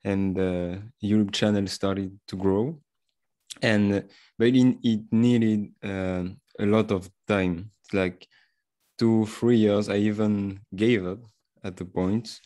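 A man from France with a French accent, speaking English as a guest in an online interview about his channel. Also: lowish voice. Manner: unhurried and flat, with fillers. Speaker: language content creator, guest. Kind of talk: online panel interview answers.

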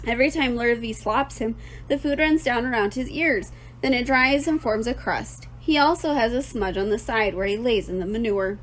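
A woman voicing a bossy, determined elderly farm wife in a storybook reading, brisk and insistent. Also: fairly high pitch, a bit bright, slight background noise, natural voice.

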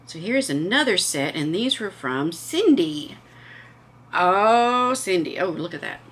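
A woman's voice: lowish voice, animated, takes it slowly, a bit bright, slightly rough. A woman hosting a casual home vlog, chatting enthusiastically and gushing over what she shows. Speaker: vlog host.

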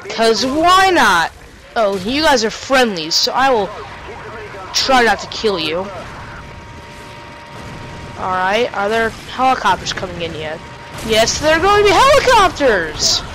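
A woman's voice: fairly high pitch, animated, takes it slowly, long pauses, crowd noise, low-quality recording. Sarcastic woman narrating a shooter game. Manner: sarcastic, jokey, talks to game characters. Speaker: let's play commentator. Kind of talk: casual gameplay commentary.

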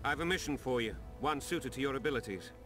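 A man voicing a stern king in a video game, curt and commanding, over loud game music. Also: mid-range voice, expressive, quick pace, close to an everyday voice.

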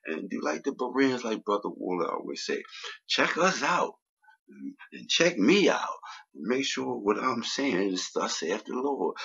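A man preaching a sermon and praying, rising loud on key phrases, with many fillers. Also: mid-range voice, gravelly, breathy edge, highs cut off. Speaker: guest preacher. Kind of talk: sermon and prayer.

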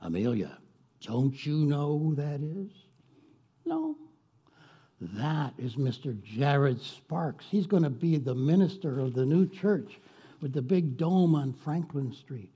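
A man's voice: fairly high pitch, sing-song, slow, dark tone, breathy edge, highs cut off, full character voice. A man voicing a prim, sniffy young lady from 1819 who gossips in a disapproving, confiding way.

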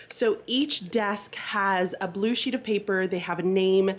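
A woman teacher chatting quickly and brightly in a casual vlog, recorded on a handheld phone camera in her classroom, a little nervous as she talks. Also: medium pitch.

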